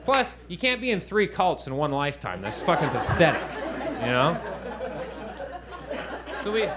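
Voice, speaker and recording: A man's voice: a little high, big pitch swings, moderate pace, very noisy. A man doing stand-up, telling a rambling, profane story and asking the crowd "right?" over and over. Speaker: stand-up comedian. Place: comedy stage before a live audience. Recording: live room with audience laughter.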